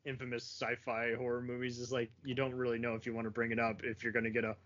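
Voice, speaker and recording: A man's voice: mid-range voice, monotone, fast talker, a bit bright. A man hosting a casual movie chat, rambling with fillers and laughing often. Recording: muffled lo-fi recording.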